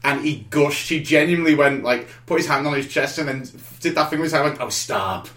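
Animated man telling stories. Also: a little high, fast talker. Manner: animated storyteller, acts out quotes. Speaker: podcast co-host. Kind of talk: casual chat. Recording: roomy echo.

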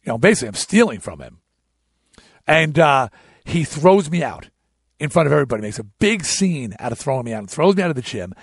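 A man's voice: medium pitch, very animated, fairly quick, slightly rough, no echo, studio quality. A middle-aged man telling a casual story to his listeners in a blunt, profane way, with many restarts. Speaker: podcast host.

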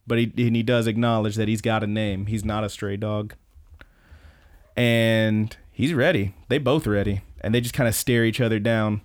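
A man co-hosting a podcast, casually recapping events in an excited play-by-play with some swearing. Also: on the low side, normal speed, no echo, clean studio sound. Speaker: podcast co-host.

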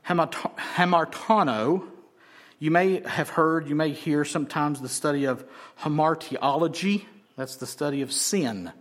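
A man with a notably high voice preaches an expository sermon. He talks emphatically, repeats phrases to drive points home, and stretches out the words he wants to stress. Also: a bit bright. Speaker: pastor.

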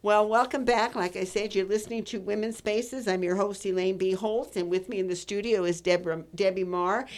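A woman's voice: medium pitch, steady tone, a little fast, few pauses. A woman in her eighties hosting a radio talk show from the studio, telling a personal story in a rambling, chatty way with many fillers and restarts. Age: 80s.

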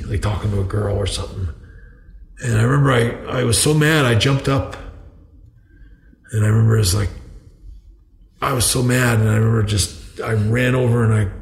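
Older male guest with a low, gravelly voice, rambling storyteller, roomy echo. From Canada. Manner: rambling, restarts often, laughs at his own stories. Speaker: podcast guest. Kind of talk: casual storytelling. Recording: echoey room.

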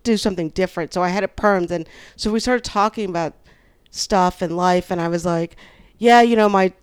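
A woman's voice: on the low side, a little fast, clear, resonant tone. A woman guest on a podcast, telling a long personal story in casual chat and acting out the other people in it. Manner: animated, acts out the people in her story.

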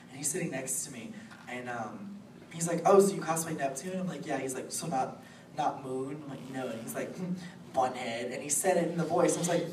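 A woman in her late twenties chatting in a bubbly, giggly way as a guest on a convention panel. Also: extremely low pitch. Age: late 20s. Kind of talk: casual panel chat. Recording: echoey room recorded from far off with noise.

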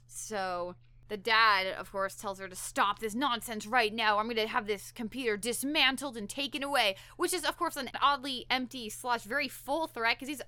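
A woman with a high, bright, forceful voice talks fast through a plot recap, full of fillers and quick restarts. The sound is dry and close, with no room around it. She sounds like a podcast co-host in casual chat. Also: no room sound. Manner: animated, talkative, lots of "like" and restarts.

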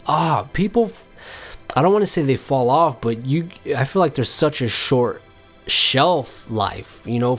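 A man hosting a casual solo podcast, rambling and joking with plenty of profanity. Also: medium pitch. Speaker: podcast host.

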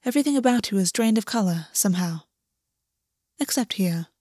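A woman voicing a stern fey man who is a tender but commanding lover, speaking in a measured, quietly intense way. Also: mid-range voice, lively intonation, dry recording, studio quality, natural voice. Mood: intent. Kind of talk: audiobook reading.

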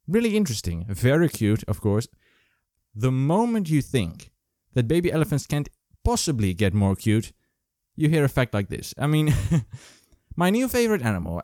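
A man hosting his own casual video, joking and rambling through animal facts in a playful, animated way. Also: mid-range voice, no echo, clean studio sound. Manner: playful, jokey, animated, full of asides. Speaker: vlog host. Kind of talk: casual comedic fact-sharing monologue. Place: Germany.

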